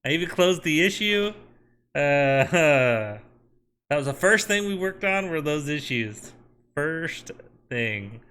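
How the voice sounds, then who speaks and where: A software developer streaming his coding work, talking to his chat and to himself as he works. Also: on the high side, sing-song, slow, clear, resonant tone. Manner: talks to chat and himself while working. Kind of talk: live coding stream, thinking aloud.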